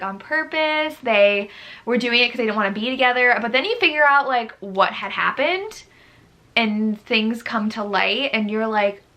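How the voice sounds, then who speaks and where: A young woman talking casually in a book vlog, animated and exasperated as she gushes and rants about a read. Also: a little high. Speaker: book vlogger.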